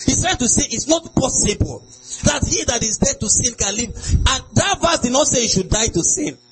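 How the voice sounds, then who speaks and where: A man preaching a sermon, emphatic and sing-song, with sudden shouts. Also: extremely high pitch, expressive, normal speed, slightly rough, faint music behind, poor audio.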